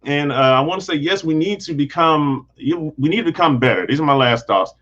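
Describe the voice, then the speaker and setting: Earnest rambling man, slightly high voice. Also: animated, fairly quick, fairly bright tone, muffled recording. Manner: earnest, rambling with frequent restarts. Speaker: channel host. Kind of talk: casual livestream commentary.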